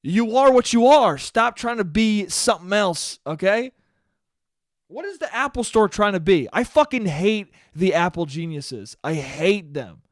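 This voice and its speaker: Alone at the mic, a podcast host rants in a fast, casual monologue, his voice high for a man with lively intonation. He swears freely and breaks into sudden loud spikes of exasperation. The recording is dry and close, with no room echo.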